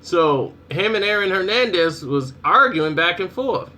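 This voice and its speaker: A young adult man giving casual spoken commentary on his channel, telling stories in a lively way and acting out people's reactions. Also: high voice, measured pace. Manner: animated storytelling, acts out reactions. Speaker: vlogger.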